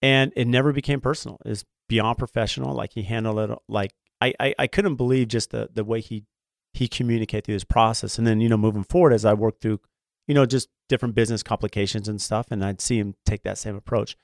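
A man who works as a builder, co-hosting a casual conversation and talking fast in a rambling way, full of fillers and restarts. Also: lowish voice, steady tone, creaky, dry recording, clean studio sound. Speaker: podcast co-host, home builder.

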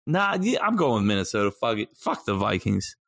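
Gravelly-voiced man rambling casually. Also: on the low side, sing-song, a little fast, a bit bright, no room sound, studio quality. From Southern United States. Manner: rambling, swears freely, trails off searching for words. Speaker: podcast co-host. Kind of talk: casual chat.

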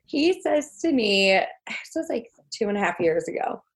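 A woman's voice: mid-range voice, very animated, moderate pace. A young woman guest telling stories in a casual interview, chatty, laughing and using many fillers. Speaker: guest, homemaking mentor.

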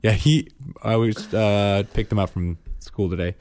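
A man in his thirties co-hosting a casual chat, telling family stories with lively acted-out lines. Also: on the low side, unhurried, faint music behind. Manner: animated storyteller, acts out his kids' lines. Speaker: podcast co-host.

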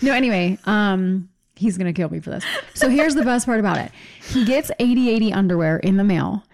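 Casual podcast co-host, woman, chatty and animated, laughs through her stories. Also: mid-range voice, a little fast, creaky, slight background noise. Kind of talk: casual chat.

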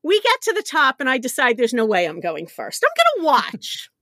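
A middle-aged woman appears as a podcast guest, telling a story conversationally with real animation, frequent laughter and self-deprecating humor. Her high voice swings widely in pitch, and she speaks a little fast. The recording is close and dry, with no room sound.

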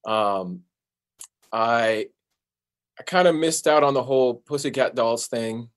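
A man who is a singer, chatting casually as an interview guest, relaxed and easygoing, with many fillers. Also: mid-range voice, takes it slowly. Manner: relaxed, laid-back, with fillers and playful sung bits.

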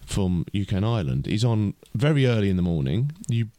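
A man's voice: on the low side, big pitch swings, a little fast, warm tone, dry recording. A man co-hosting a casual podcast chat, rambling with lots of restarts. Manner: chatty, lots of fillers and restarts. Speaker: podcast co-host.

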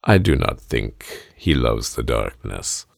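A man's voice: a bass voice, very animated, slow pace, gravelly, no echo, clean studio sound, pitched below the performer's own voice, full character voice. A man voicing a formal, stilted Romanian man with a Romanian accent. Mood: stiff. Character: stiff, formal Romanian man, mysterious buyer.

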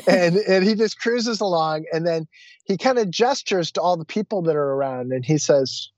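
A man who teaches Vedanta, a guest telling a personal anecdote. He tells it lively, acting out the quoted voices and often restarting his sentences. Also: high-pitched, measured pace, no room sound.

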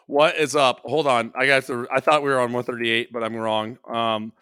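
A man's voice: medium pitch, level tone, moderate pace, sharp tone, clean tone, no echo, clean studio sound. A man co-hosting a podcast, rambling through funny personal stories in casual chat and poking fun at himself. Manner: rambling storyteller, self-mocking, stumbles and restarts. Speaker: podcast co-host.

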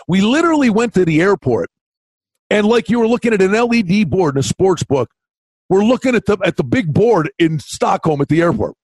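An older man co-hosting a podcast, chatting casually and telling stories animatedly, loudly acting out the people in them. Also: sits high, brisk, husky, no echo. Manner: animated storyteller, acts out quotes loudly. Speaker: podcast co-host. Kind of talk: casual chat. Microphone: remote call mic.

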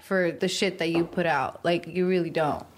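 A woman's voice: fairly low pitch, steady tone, moderate pace, noisy background. A woman in her thirties, the host's cousin, earnestly remembering old times in casual chat. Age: 30s. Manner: earnest, reminiscing. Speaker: cousin and guest.

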